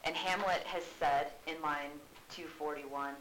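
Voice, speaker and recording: A woman's voice: low voice, steady tone, unhurried, fairly bright tone, a little hiss or hum, rough recording. A woman teacher giving a casual, chatty classroom explanation, full of "like"s, in a classroom.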